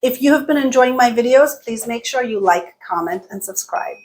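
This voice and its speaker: Woman, fairly high voice, language teacher, deliberate, stresses key words, scripted lesson. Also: lively intonation, poor audio. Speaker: English teacher and channel host.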